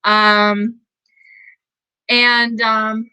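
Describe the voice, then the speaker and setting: Effusive woman host, bright voice, dry close sound, casual live chat. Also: on the high side, level tone, very slow, clear, resonant tone, dry recording, low-quality recording. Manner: effusive, gushing, laughs often. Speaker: livestream host and spiritual coach.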